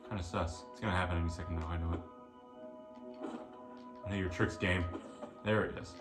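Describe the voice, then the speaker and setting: A man's voice: low-pitched, fairly even intonation, fairly quick. A man commenting on his gameplay, exasperated and swearing at enemies, mocking himself as he goes. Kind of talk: let's play commentary. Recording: echoey room, distant mic, loud game music. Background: game music.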